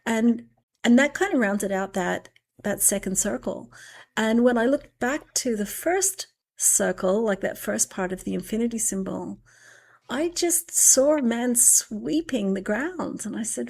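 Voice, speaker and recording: Woman with a gravelly, slow musing voice. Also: fairly high pitch, darkish tone. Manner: slow, musing storytelling with drawn-out pauses. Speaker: spiritual podcast speaker. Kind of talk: reflective spiritual conversation recounting a meditation.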